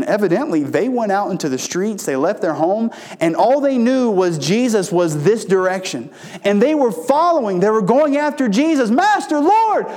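A man preaching a sermon in a folksy storytelling way, often restarting his phrases and rising in pitch for emphasis. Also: a little mellow. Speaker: pastor.

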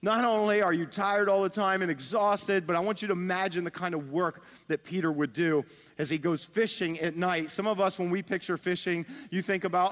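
A male pastor giving a sermon, retelling a story in a conversational, animated way. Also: high voice, fairly quick. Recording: long hall reverb.

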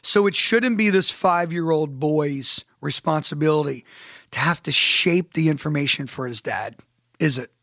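A man's voice: a little high, moderate pace, fairly bright tone, no room sound, studio quality. A man hosting a solo podcast monologue. He talks straight to his listeners with emphasis and asks rhetorical questions. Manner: emphatic, addresses listeners directly. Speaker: podcast host.

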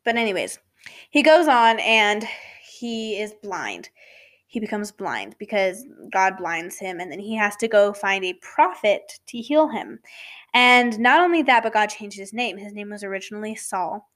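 A woman hosts a casual talk about faith, speaking at an unhurried, drawn-out pace. She rambles, stops to correct herself and drifts into asides. Now and then her voice sinks to a soft whisper on a key word. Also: mid-range voice, sing-song. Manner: sometimes drops to a soft whisper for emphasis. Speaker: podcast host.

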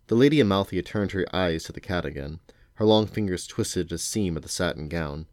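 A man with a deep voice reads a novel aloud to his children. He narrates in a steady, unhurried way. The sound is dry, with no room echo. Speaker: parent reading to his children.

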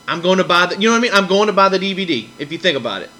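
Casting: male podcast host, bright, forceful voice, rambling storyteller, faint noise behind. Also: high voice, very fast, poor audio. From American South. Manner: rambling, repeats himself, quotes others in animated voices. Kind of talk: casual storytelling.

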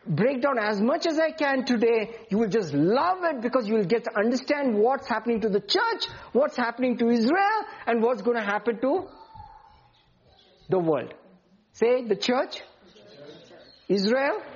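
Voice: mid-range voice, dull audio. A preacher delivering an emphatic sermon and often asking the congregation questions.

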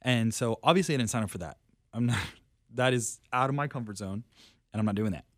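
A man's voice: medium pitch, a little fast, fairly bright tone, no room sound, studio quality. A young man on a faith podcast, telling personal stories in a casual, self-deprecating way and laughing often. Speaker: podcast guest. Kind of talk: casual storytelling chat.

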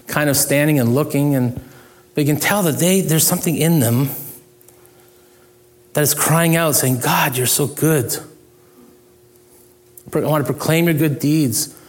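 A man's voice: on the high side, measured pace, long pauses. A middle-aged male pastor preaching a sermon in an earnest, conversational way, with self-deprecating humor.

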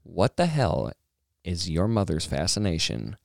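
A man's voice: deep voice, unhurried, gravelly, no echo, studio quality. A man co-hosting a podcast, telling stories in casual chat, cursing often. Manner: profane, animated storyteller. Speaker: podcast co-host.

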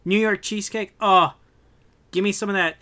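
A young man in casual podcast chat, animated and ranting, swearing freely as he rants. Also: high-pitched, normal speed, clear, resonant tone. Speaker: podcast co-host.

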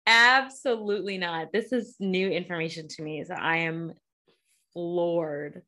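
A woman co-hosting a podcast in relaxed, casual chat. Her voice is bright and forward, sitting a little low. She reacts in an outspoken, expressive way and swears freely. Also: a little slow. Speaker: podcast co-host.

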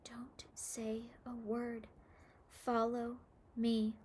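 A woman voicing a calm, kindly old man in a storybook reading, speaking softly and reassuringly. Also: a little high, a little slow, slight background noise, lightly acted. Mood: hushed.

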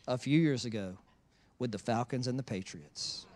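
Preaching in church, the pastor tells stories with energy and teases his listeners playfully. His voice is medium-pitched, at a normal speed, with no echo.

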